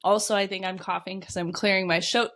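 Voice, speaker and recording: A woman hosting a solo podcast as a business coach, energetic and blunt, swearing casually, coughing as she gets over a cold. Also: mid-range voice, a little fast.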